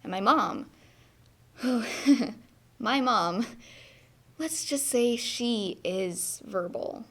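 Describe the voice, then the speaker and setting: A woman's voice: on the high side, animated, drawn-out words, long pauses, a bit bright, heavily acted. An actress playing a shy young woman in a theatre monologue, telling her story in a wry, reflective way. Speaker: stage actor.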